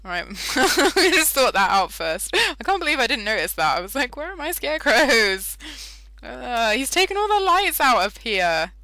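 A woman's voice: fairly high pitch, very animated, normal speed, hardly any pauses, bright, forceful tone, no room sound. A young British woman giving casual, giggly commentary while playing Minecraft, easily sidetracked. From Britain. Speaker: Minecraft let's-play host.

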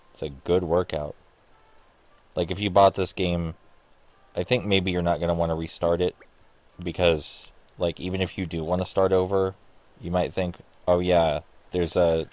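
Low-voiced man musing sarcastically over gameplay. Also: a little mellow. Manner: sarcastic, rambling, swears casually. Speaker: gaming streamer. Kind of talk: casual let's play commentary.

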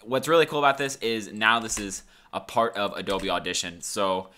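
Laid-back man hosting a software tutorial. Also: on the low side, fairly even intonation, moderate pace. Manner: laid-back, rambling with fillers. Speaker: tutorial host. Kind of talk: casual screen-recorded software tutorial.

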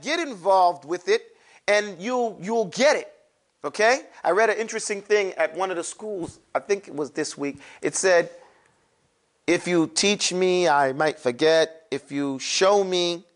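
A man with a high voice leads a classroom lesson on pronouncing letters for Quran recitation, animatedly drilling his students to repeat the sounds aloud.

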